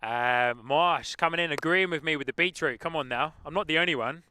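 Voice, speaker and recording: A man with a London-tinged English accent, casually chatting as host of a live stream and reading out viewer comments, easygoing and quick to laugh. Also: on the high side, bright, forceful tone, clear, resonant tone. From England. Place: outdoors at an airport plane-spotting spot.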